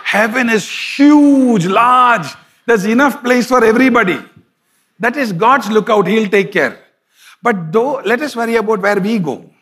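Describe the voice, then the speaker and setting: A man's voice: extremely high pitch, unhurried, a bit bright. Pastor guy, middle aged, preaches like he's chatting, laughs at his own stories. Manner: conversational preaching, chuckles often. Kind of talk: sermon with storytelling.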